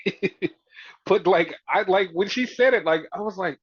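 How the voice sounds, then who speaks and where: A man with a fairly high voice chats through a wrestling recap, swearing freely and acting out what the wrestlers said. The sound is dry and dull, like a lo-fi home recording. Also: normal speed, husky, no echo. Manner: profane, animated retelling with mimicked quotes. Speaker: podcast host. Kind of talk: casual wrestling recap chat.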